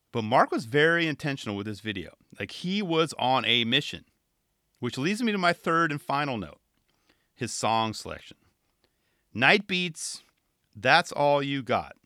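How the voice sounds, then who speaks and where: A man from California commenting on a skate video in a casual, animated, chatty way, laughing often. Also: medium pitch, moderate pace, no room sound, clean studio sound. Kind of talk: casual chat.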